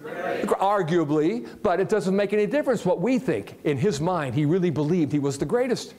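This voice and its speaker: A man from Ohio giving a live motivational talk to an audience, animated and jokey, often putting questions to the crowd. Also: high-pitched, moderate pace. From Ohio, USA. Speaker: motivational speaker. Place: large hall with a live audience.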